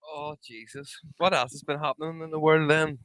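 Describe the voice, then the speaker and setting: A man's voice: fairly high pitch, little pitch movement, normal speed, fairly bright tone, no echo, low-quality recording. A man co-hosting a podcast in casual chat, telling stories, teasing and swearing freely. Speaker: podcast co-host.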